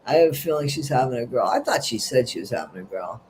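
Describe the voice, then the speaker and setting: A man's voice: medium pitch, sing-song, fast talker, a little mellow, a little hiss or hum. A middle-aged man hosts a casual livestream, reading out viewer comments and gossiping in a rambling, chatty way. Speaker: livestream host.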